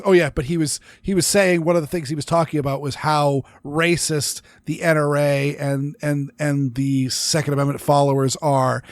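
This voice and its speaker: A man's voice: a little high, dry recording, clean studio sound. A man co-hosting a casual podcast chat, rambling with restarts and laughing often. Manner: rambling, self-interrupting, quick to laugh. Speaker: podcast co-host.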